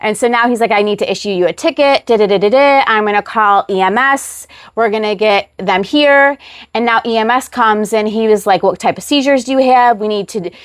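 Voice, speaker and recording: A woman telling a personal story as a guest, animated, acting out the voices of the people in it. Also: mid-range voice, a little fast, no echo, studio quality. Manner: animated retelling, acts out quoted voices.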